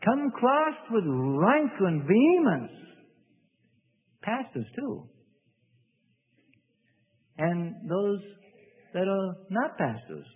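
A man preaching a sermon in an animated way, acting out the voices of people praying. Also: high-pitched, very slow, long pauses, slightly rough. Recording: phone-like sound in a reverberant hall.

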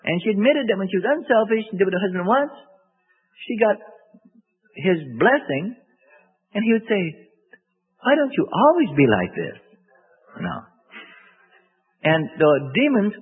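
Male preacher, husky, lively swooping pitch, digressive sermon, long hall reverb. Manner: digressive, loses his thread, acts out quotes with raised voice. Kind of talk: rambling sermon. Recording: tinny phone-like sermon recording in a reverberant hall.

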